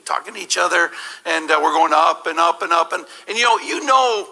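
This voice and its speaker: A middle-aged man telling a humorous personal story as a guest speaker at a church service, animated and laughing, with many restarts. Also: fairly high pitch, brisk, creaky, poor audio.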